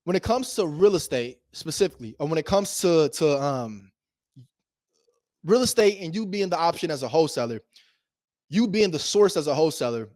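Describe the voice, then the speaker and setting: Brief: male investor-coach, slightly high voice, punchy repetitive motivational delivery, slang, quick laughs. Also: expressive, darkish tone, no room sound, studio quality. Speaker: real estate investor teaching wholesaling. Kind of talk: motivational casual teaching.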